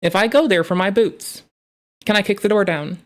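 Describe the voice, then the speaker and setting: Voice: mid-range voice, moderate pace. A streamer chatting casually while reacting to a video, rambling, joking and swearing freely. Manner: rambling, profane, playful. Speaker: live streamer.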